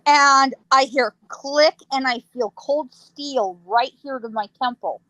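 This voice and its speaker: A woman, a psychic guest, telling a ghost story in a lively way, laughing often and acting out sounds. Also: high voice, slow pace, dry recording, rough recording.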